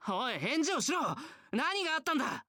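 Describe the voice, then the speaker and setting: A man's voice: extremely high pitch, big pitch swings, very fast, bright, forceful tone, no room sound, studio quality, exaggerated voice. An actor playing an earnest young man in a visual novel, calling out urgently to a friend. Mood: worried. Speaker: game character. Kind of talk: Japanese visual novel voice acting.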